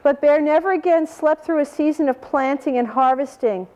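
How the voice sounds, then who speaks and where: Woman storyteller, high pitched, animated read-aloud for children with questions. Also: normal speed. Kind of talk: reading a picture book aloud to children.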